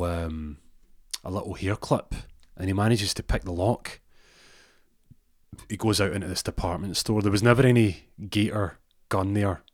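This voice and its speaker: A man's voice: deep voice, no room sound, clean studio sound. A man telling a comic story casually, rambling with restarts and asides.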